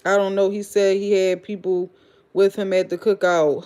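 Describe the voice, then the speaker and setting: A woman's voice: medium pitch, level tone, normal speed, mellow, smooth. A woman with a Philadelphia accent hosting a casual livestream, reading comments and telling gossipy stories in a loose, profane, blunt way. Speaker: livestream host.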